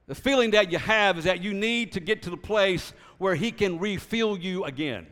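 High-voiced preacher in an echoing hall. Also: male voice. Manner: preaching with emphatic slow stresses, then dropping into quiet storytelling. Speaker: pastor. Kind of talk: sermon.

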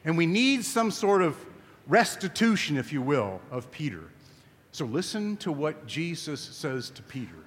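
A man's voice: fairly high pitch, very animated, a little slow, in a large hall. A man preaching a sermon at a camp meeting, emphatic and conversational, often asking his listeners questions.

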